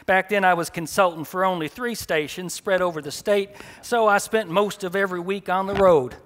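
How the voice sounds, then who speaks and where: High-voiced man reading fiction aloud. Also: fairly even intonation, normal speed, a bit bright. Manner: dry, wry first-person storytelling. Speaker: author reading his story. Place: live reading in a café.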